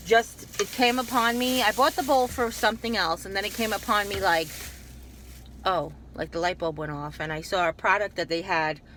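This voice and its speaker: A woman's voice: medium pitch, a bit bright, slight background noise. A woman talking casually in a rambling, chatty haul video, often breaking off and restarting her sentences. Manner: chatty, digressive, self-interrupting. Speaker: YouTube haul vlogger.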